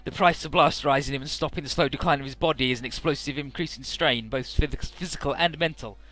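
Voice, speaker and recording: A man's voice: mid-range voice, fast, sharp tone, lightly acted. A man voicing a grave, regretful male scientist explaining a grim medical outcome in a subdued way. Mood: somber.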